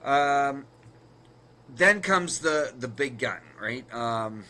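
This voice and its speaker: A man's voice: mid-range voice, animated, very slow, bright, forceful tone. A man co-hosting a card game podcast, walking through the math of card plays step by step and correcting himself as he goes. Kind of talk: casual explanatory chat.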